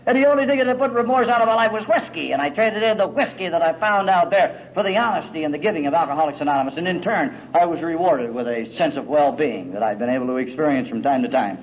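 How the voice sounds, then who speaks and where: A middle-aged man telling his story at a recovery meeting, gritty and folksy, swinging from loud to hushed. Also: on the high side, lively intonation, fast talker, few pauses, muffled recording.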